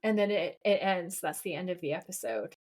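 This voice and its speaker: A woman co-hosting a podcast, retelling a TV episode in a gushing, animated way. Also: fairly low pitch, normal speed, breathy edge. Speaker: podcast co-host. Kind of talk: casual podcast chat.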